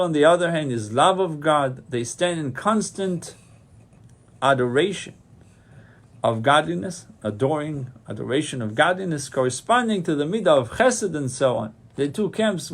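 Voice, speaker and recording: A man teaches a Torah class as a rabbi, setting out Hebrew terms and then giving their meaning in plain words. He often goes back over a phrase to make the point land, with frequent restarts. His voice sits at an ordinary middle pitch for a man. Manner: explains Hebrew terms then translates them, repeats phrases, many restarts. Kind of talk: Torah lecture.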